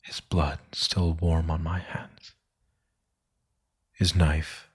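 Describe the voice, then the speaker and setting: A man with a very deep, husky voice narrates a thriller slowly and solemnly. His hushed delivery often sinks to a whisper, which keeps the telling tense and quiet. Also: level tone. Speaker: story narrator.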